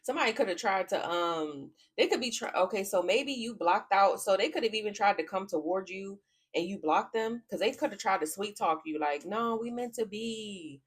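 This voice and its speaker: A woman's voice: mid-range voice, expressive, a little fast, husky. A woman giving a casual tarot reading to camera, blunt and profane, often cracking up laughing. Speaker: tarot reader.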